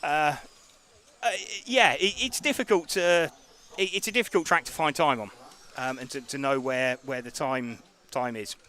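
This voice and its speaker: Bright-voiced race commentator. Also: male voice, a little high, normal speed. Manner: relaxed, hesitant with many ums and uhs.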